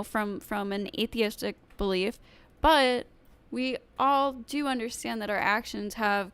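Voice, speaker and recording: A woman streaming live, commenting casually on a debate, halting with many ums and restarts. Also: medium pitch, clear, resonant tone.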